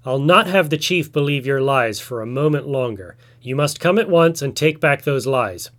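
A man voicing a proud, truthful male tiger who is quick to anger and demands things, in a told folk tale. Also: medium pitch, expressive, a bit bright, close to an everyday voice. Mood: angry. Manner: roaring, demanding.

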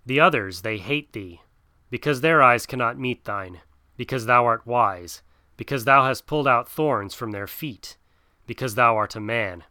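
A man's voice: a little slow, dry recording, clean studio sound. A man voicing Bagheera, a tender black panther. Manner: soft and low, then urgent. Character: tender, wise male black panther, protective mentor. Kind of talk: storybook reading.

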